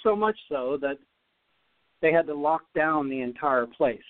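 A man, a former tennis player, telling a story as a podcast guest, animated and often repeating words as he goes. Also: a little high, a little slow, no echo. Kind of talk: storytelling in an interview. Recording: dry, phone-like line.

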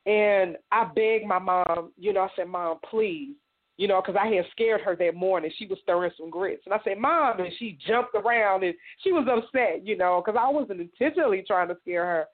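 A woman from Indiana, an interview guest, giving a halting personal testimony full of "you know.". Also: mid-range voice. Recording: tinny phone line.

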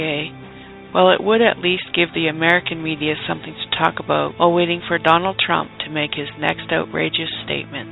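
A man's voice: on the high side, vocal fry, pitched above the performer's own voice. A man voicing a brash, flirty Canadian woman bureau chief who says "eh" and "hosers" in a mock news report. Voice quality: exaggerated Canadian "eh" and "hosers" talk. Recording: tinny phone-like sound with faint music.

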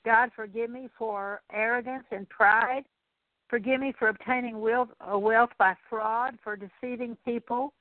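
A middle-aged woman leading a spoken prayer of repentance, slow and halting, with many fillers and repeated words. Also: fairly high pitch, steady tone, no echo. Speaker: Christian teacher. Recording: tinny dry phone-like radio recording.

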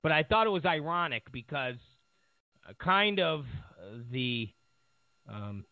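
A man's voice: on the high side, sing-song, a little slow, no echo. A male talk show host giving sarcastic political commentary, rambling with lots of fillers. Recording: tinny phone-like line.

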